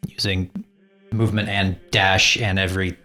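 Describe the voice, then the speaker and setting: Deep-voiced joking player. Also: male voice, little pitch movement, moderate pace, pushed and bright, faint music behind. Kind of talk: tabletop game play.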